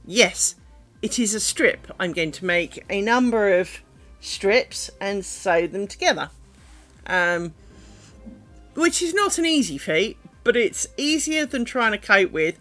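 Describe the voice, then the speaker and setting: A woman's voice: medium pitch, animated, slow pace, long pauses, sharp tone, soft background music. A woman with a light London-ish English accent, chatting casually on a craft stream while she works. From England. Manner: chatty, rambling, muttering to herself while working. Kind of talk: casual live-stream chat while making lace.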